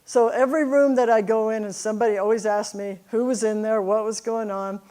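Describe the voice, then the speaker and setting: A woman's voice: on the high side, fairly even intonation, brisk, mellow. A middle-aged woman speaking to a church congregation, telling personal stories in a chatty way and laughing often. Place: church service.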